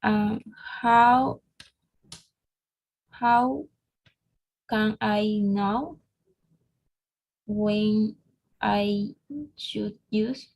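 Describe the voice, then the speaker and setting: A woman's voice: mid-range voice, fairly even intonation, very slow, vocal fry, long pauses, darkish tone, rough recording. A woman student whose first language is Spanish, speaking English with a Spanish accent, hesitant and searching for words in an online lesson.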